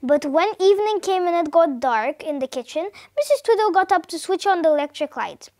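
Woman storyteller; high voice, very animated delivery. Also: brisk. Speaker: story reader. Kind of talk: read-aloud storytelling.

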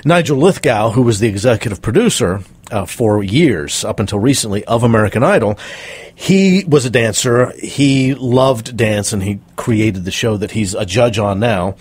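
A middle-aged man, a performance coach, spins anecdotes with lively, swooping pitch. His voice is a little husky and sits close and dry on the microphone. He slips into the voices of the people he quotes. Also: normal speed, no echo. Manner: animated storyteller acting out quoted voices. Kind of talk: interview storytelling.

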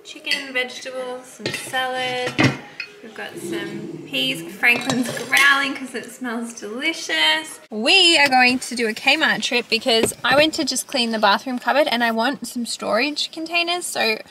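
A woman in her twenties vlogs casually at home into her phone camera, chatting to it in a confiding way and swearing now and then. Her voice is high and her pace measured, with hardly any pauses. There's noise in the background.

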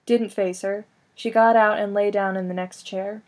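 A woman narrating a first-person audiobook in a wry, conversational tone. Her voice sits at an ordinary middle pitch and moves along easily. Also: steady tone, moderate pace, darkish tone. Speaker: audiobook reader.

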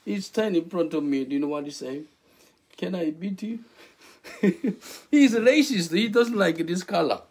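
Animated husky male preacher, high voice. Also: normal speed. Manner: animated, questions the listeners, broken English. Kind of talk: interactive sermon.

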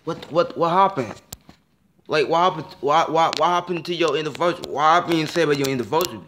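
A young man with a somewhat high-pitched voice vents in a casual vlog rant. He swears often, repeats himself and stumbles through restarts, sounding frustrated throughout. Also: quick pace, a bit bright, a little hiss or hum. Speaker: vlogger.

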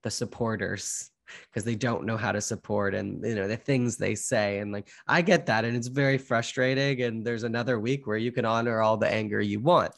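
A young man appears as a guest in a candid, conversational interview, speaking earnestly and reflectively and often saying "like" and "you know." His voice is lowish and gravelly, with fairly even intonation and a normal speed.

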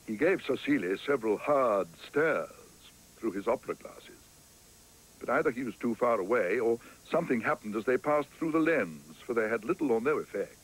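A man narrating a storybook cartoon in a gentle, expressive reading style. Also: medium pitch, moderate pace, slightly rough, poor audio.

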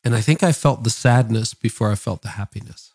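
A man's voice: lowish voice, fairly quick, a little mellow, husky, no echo. A middle-aged man hosting a podcast, asking questions and thoughtfully sharing his own experience. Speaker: podcast host. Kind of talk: reflective interview conversation.

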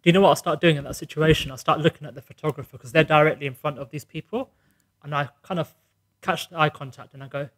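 A man with a fairly high voice explains his working habits in a relaxed chat. He is practical and conversational, walking through his tips step by step. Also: quick pace. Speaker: podcast co-host, wedding DJ. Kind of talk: casual chat.

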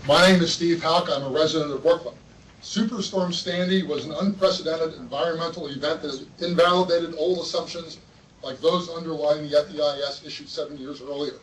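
Man, public commenter, high pitch, pointed read-out testimony, roomy distant room sound. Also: steady tone, fairly quick, slight background noise. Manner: earnest, pointed, read-out statement. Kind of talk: public testimony at a board meeting. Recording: roomy hall, mic far off.

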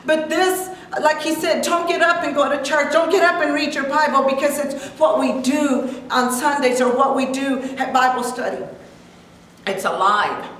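A woman's voice: high-pitched, a little hiss or hum. A woman preaching to a men's Bible class with fervent, repetitive emphasis. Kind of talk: preaching exhortation. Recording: echoey room from far off.

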